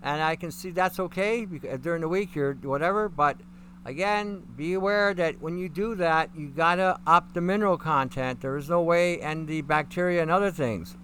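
A man's voice: fairly high pitch, moderate pace, bright, forceful tone, slight background noise. A middle-aged man hosting a live stream, talking in a rambling, folksy way as he answers chat questions.

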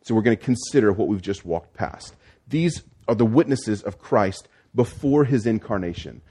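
A man's voice: lowish voice, animated, moderate pace, mellow, breathy edge. A man preaching a sermon as pastor, explaining the text step by step with frequent restarts and fillers.

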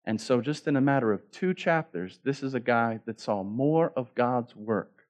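A man's voice: medium pitch, expressive, moderate pace. A man pastor preaching a sermon in a casual, joking way, acting out the story as he goes. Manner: casual, joking preacher who acts out the story in quoted voices.

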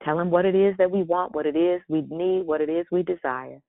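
A woman's voice: lowish voice, fairly even intonation, brisk, dry recording. A woman hosting a morning leadership devotional, preaching with fervent repeated exhortations and chatty asides where she corrects herself. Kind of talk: preaching sermon. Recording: dry, phone-like line.

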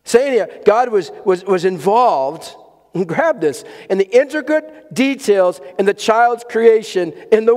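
A man's voice: sits high, a little mellow. A man preaching a sermon to a congregation in a church, earnest and emphatic, repeating key words for weight. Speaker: pastor. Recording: long hall reverb.

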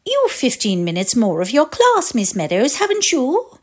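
A woman reading the part of a prim, overly kind older headmistress with a measured, proper manner. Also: sits high, huge pitch swings, pitched above the performer's own voice, full character voice.

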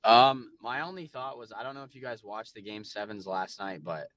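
A man co-hosting a podcast, talking excitedly about hockey and often restarting his sentences. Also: fairly low pitch, normal speed, no room sound, lo-fi sound. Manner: excitable, repeats himself with restarts. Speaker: podcast co-host. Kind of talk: casual sports chat.

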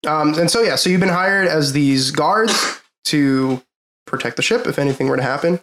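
A man's voice: a little high, normal speed, a bit bright, roomy sound, a little hiss or hum. A young man narrating as game master, casual and hesitant with frequent ums.

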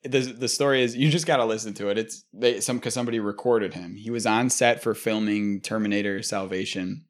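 A man's voice: lowish voice, steady tone, brisk, few pauses. Young man rambling casually, lots of swearing. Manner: rambling, profane, frequent fillers. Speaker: podcast host. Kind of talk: casual chat.

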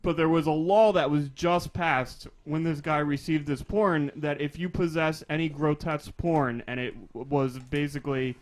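A man co-hosting a comedy podcast, chatting casually and reading a passage aloud slowly with mock drama, breaking into laughs. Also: a little high, fairly even intonation, a little hiss or hum. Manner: reads erotic fiction aloud in a slow mock-dramatic voice, laughing. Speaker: podcast co-host.

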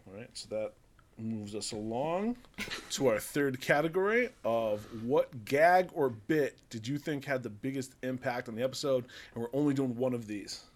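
A man hosting a casual podcast game round, upbeat and quick to laugh. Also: mid-range voice, animated. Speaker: podcast host running a quiz round.

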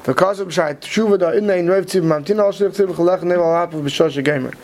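A man teaching a study class, talking quickly and checking in with "right?" as he explains. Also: high-pitched, a little mellow. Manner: quick, mixes Hebrew terms into English, many "right?" checks. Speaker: Torah teacher. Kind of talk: Talmudic study lecture.

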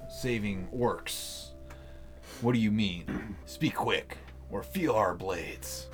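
A man voicing a suspicious male orc chieftain who speaks slowly and threateningly. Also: lowish voice, faint music behind.

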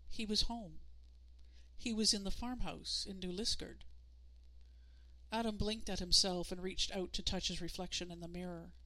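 A woman's voice: medium pitch, steady tone, moderate pace, pushed and bright. Woman narrating an audiobook.

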